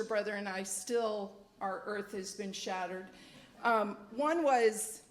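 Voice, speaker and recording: A woman's voice: mid-range voice, reverberant, a little hiss or hum. A middle-aged woman from the United States telling a playful story on stage to a live audience. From United States, Dutch-born mother. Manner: animated, playful.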